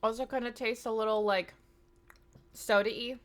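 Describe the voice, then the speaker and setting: A woman's voice: fairly high pitch, steady tone, unhurried, a bit bright. A woman in her thirties chatting casually to her live-stream audience, rambling with plenty of fillers. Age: 30s.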